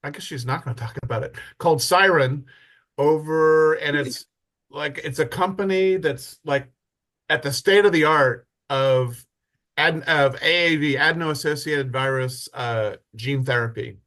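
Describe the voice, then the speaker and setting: A man's voice: a little high, a little slow, a bit bright. A man moderating an online workshop, introducing speakers casually over a video call.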